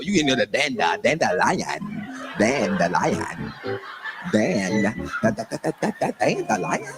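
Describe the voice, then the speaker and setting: Man telling a story with lively swings. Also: medium pitch, heavy background noise. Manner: animated, acts out the other people in his story. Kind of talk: comedic storytelling.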